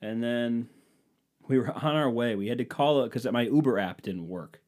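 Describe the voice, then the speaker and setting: A man's voice: mid-range voice, moderate pace, darkish tone. A young man from the United States telling a rambling, profane, jokey story as a casual podcast host, acting out the exchanges.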